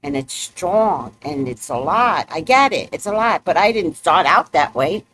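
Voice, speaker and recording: An outspoken woman hosts a casual livestream chat, blunt and matter-of-fact in what she says. Her pitch swings widely as she tells her stories, and laughter often slips in. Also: measured pace. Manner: animated storytelling with laughs. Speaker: host.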